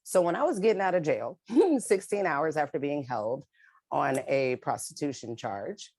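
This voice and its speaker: A woman's voice: low voice, expressive, moderate pace, darkish tone. A woman, an advocate telling her own story in a direct, emphatic way on a video call. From New York City. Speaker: advocate and panelist. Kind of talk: spoken-word poem, then personal testimony. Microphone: remote video call mic.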